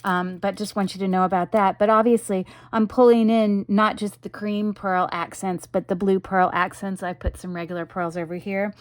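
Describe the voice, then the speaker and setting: A woman's voice: medium pitch, steady tone, normal speed, hardly any pauses, no room sound, studio quality. A woman casually presenting jewelry she sells, chatty and rambling with lots of ums, in an enthusiastic selling tone. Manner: chatty, rambling, frequent ums and you-knows. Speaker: jewelry seller presenting her wares. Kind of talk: casual product showcase.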